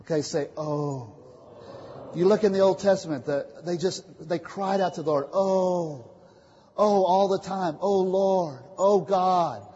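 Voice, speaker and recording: A man preaching a sermon, calling out questions for the congregation to answer and swinging from quiet asides to loud declarations. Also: fairly high pitch, breathy edge. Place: church meeting hall. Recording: muffled, echoey hall recording.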